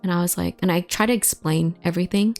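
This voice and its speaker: A woman with a slightly low voice tells her own story to the camera, casual and raw. She swears freely and leans on "like" as she talks. Soft music plays faintly underneath. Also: steady tone, fast, vocal fry. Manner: casual, emotional, full of "like" fillers and swearing. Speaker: vlogger telling a personal story. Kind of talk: candid personal storytelling.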